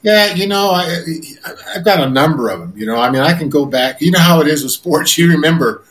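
An older man, a former quarterback, recalls his playing days in a relaxed interview, often repeating words and filling pauses. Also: fairly high pitch, poor audio. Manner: rambling, repeats words, many fillers.

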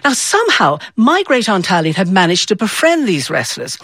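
A woman from the north of England telling a personal story in a playful, expressive way, acting out the voices in it. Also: medium pitch, moderate pace, no echo.

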